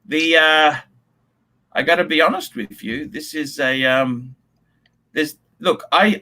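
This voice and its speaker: Man, blunt profane livestream host, bright tense voice, fairly high. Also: lively intonation, a little slow, gravelly. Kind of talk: casual livestream chat, reading donations.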